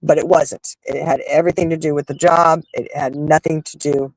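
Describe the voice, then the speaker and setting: A man hosting a talk show speaks candidly in a somewhat high voice with a gravelly edge. He rambles and restarts as he thinks aloud, turning emphatic and blunt. The sound is dry and close. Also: flat delivery, moderate pace, no room sound, poor audio. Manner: rambling, emphatic, frank with occasional swearing. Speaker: host. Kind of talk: candid monologue on personal growth.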